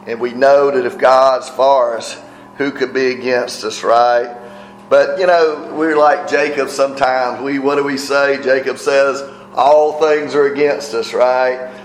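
A man's voice: medium pitch, fairly even intonation, a little slow. A man preaching a sermon in a conversational teaching manner, often checking in with his listeners. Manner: conversational teaching, tag questions. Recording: roomy echo with faint music.

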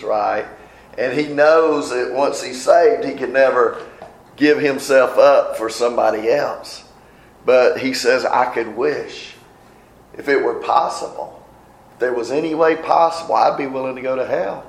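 A man preaching a sermon in a conversational way, asking the listeners questions and reading scripture aloud slowly. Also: medium pitch, vocal fry. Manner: conversational, asks the congregation questions. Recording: echoey room.

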